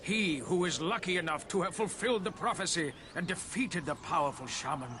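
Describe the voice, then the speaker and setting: An actor playing a grandiose male dream-world spirit who speaks in solemn, booming prophecy lines. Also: expressive, brisk, over a noisy crowd.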